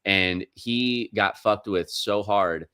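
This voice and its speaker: A man's voice: fairly low pitch, slow pace, bright, forceful tone, clear, resonant tone, no echo. A man on a podcast, rambling through profane, restart-filled stories as a Marine veteran in casual chat.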